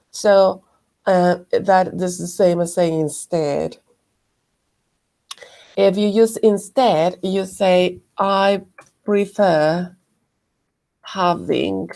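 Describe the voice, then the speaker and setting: A woman teaching an English grammar lesson, explaining slowly and carefully and correcting herself often. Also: lowish voice, vocal fry, a little mellow. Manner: slow, careful explanations with frequent self-corrections.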